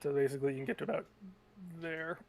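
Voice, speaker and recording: A man's voice: medium pitch, little pitch movement, creaky. A man playing a tabletop wargame, explaining the rules and moves casually. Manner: quick rules-explaining talk. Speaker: player.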